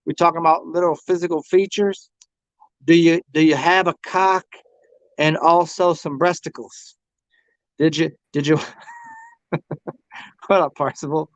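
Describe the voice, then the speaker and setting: A man's voice: a little high, fairly even intonation, measured pace, long pauses, no echo. An American man hosting a casual tarot livestream, rambling and crude, taunting the people who join. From United States. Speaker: livestream host reading tarot.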